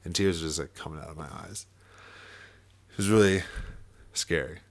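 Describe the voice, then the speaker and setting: A man's voice: low voice, normal speed. A young man telling a personal story in casual podcast chat, full of fillers and swearing and with bursts of laughter. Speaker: podcast guest.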